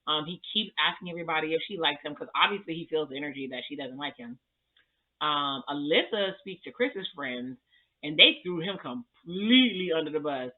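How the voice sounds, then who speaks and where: A man giving a sassy, chatty, slang-filled recap of a reality TV episode. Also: a little high. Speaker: TV recap vlogger. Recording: tinny phone-like sound.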